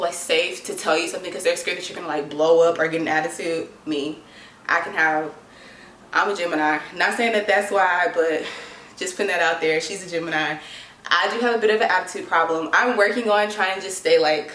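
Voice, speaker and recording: A woman's voice: lowish voice, fairly bright tone, slight background noise. A young woman talking casually to camera in an advice vlog, chatty and dramatic, full of "like". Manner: chatty, dramatic, lots of filler "like". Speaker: vlogger. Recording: echoey room.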